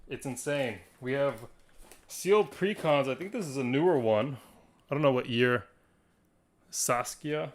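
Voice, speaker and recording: A man hosting a live stream from a card shop, talking to viewers in an excitable, rambling way and laughing often. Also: medium pitch, a little slow, pauses often. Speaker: livestream host of a card shop.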